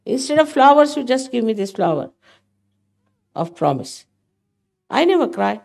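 A woman's voice: on the high side, big pitch swings, moderate pace, vocal fry, darkish tone. An older woman giving a spiritual talk to her followers, emphatic and motherly, often scolding. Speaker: spiritual teacher.

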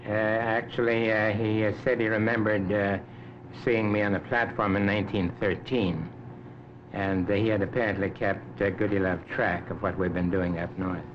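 A man in his seventies from Canada, answering interview questions in a measured, unhurried way with frequent hesitations. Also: on the low side, flat delivery. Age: 70s. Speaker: interview guest, Arctic explorer. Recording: dull lo-fi 1950s recording with clear hiss.

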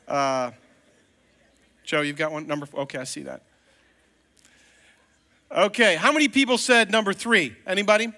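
A man's voice: high-pitched, normal speed, long pauses, bright, forceful tone. A male pastor preaching a sermon in a casual, joking, conversational way from a church sanctuary. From Virginia, US. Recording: long reverb of a church hall.

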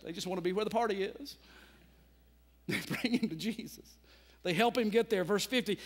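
A male pastor preaching a sermon, telling a story dramatically and swinging between loud and hushed. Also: high-pitched, normal speed. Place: church sanctuary. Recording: long church reverb.

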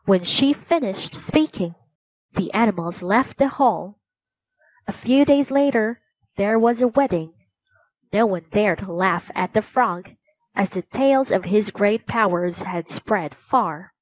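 Slow, clear storybook narrator, a woman. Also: mid-range voice, expressive, dry recording, poor audio. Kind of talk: storybook reading.

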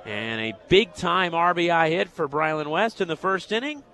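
Bright-voiced man calling baseball play-by-play. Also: a little high, normal speed. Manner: excitable, rising to shouts on big hits. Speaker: radio play-by-play announcer.

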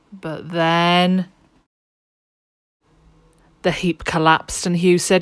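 A woman, a nursery teacher, reading a picture book aloud in a lively, expressive way. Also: on the low side, extremely slow, long pauses, clean tone, no room sound, clean studio sound.

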